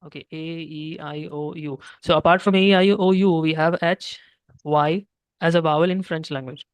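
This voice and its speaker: A man's voice: on the high side, steady tone, moderate pace, clean tone, dry recording. A young man with an Indian English accent teaching French one-on-one, patiently explaining step by step and slipping into Hindi. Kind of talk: one-on-one language lesson.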